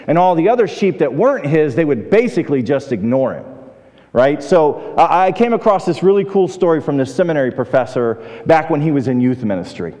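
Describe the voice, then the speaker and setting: A man's voice: fairly high pitch, a little mellow. A man preaching a sermon in a church, talking with the congregation and acting out the voices in his stories. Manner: conversational, asks the congregation questions; acts out quoted voices in the stories. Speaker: pastor. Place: church sanctuary. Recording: long reverb of a large hall.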